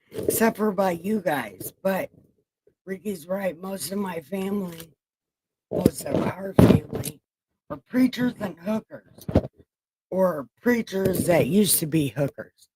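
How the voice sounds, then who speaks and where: A woman in her forties hosting a livestream in casual, joking chat, swearing freely and laughing often, with a flat, robotic-sounding voice. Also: on the low side, measured pace, slight background noise, poor audio. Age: 40s. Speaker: livestream host.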